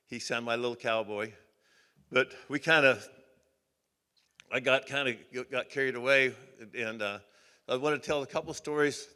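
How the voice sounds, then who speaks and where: Older man telling bright, folksy rodeo stories. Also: mid-range voice. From Oregon. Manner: folksy, rambling anecdotes with many restarts. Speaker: hall of fame inductee giving a speech. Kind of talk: banquet acceptance speech, storytelling. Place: banquet hall. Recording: long hall reverb.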